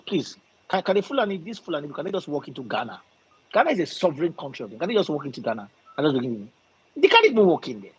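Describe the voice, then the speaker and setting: A man's voice: on the high side, slightly rough, rough recording. A Nigerian man from the southwest making an impassioned political argument, emphatic and repetitive. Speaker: discussion participant.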